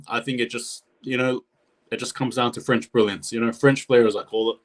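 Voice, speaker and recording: Medium-pitched and brisk, a man provides live reaction commentary on rugby league, chatting excitedly with his viewers.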